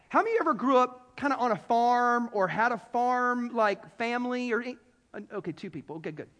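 High-voiced preacher in a reverberant hall. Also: male voice, fairly quick. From South Carolina. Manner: animated storytelling, acts out voices, playful asides. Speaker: pastor. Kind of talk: sermon. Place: large hall before an audience.

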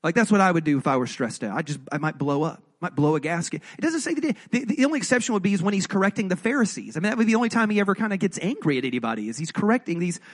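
A man's voice: high-pitched, very animated, racing, few pauses. A male pastor giving a sermon in a conversational, jokey way, often asking the audience questions.

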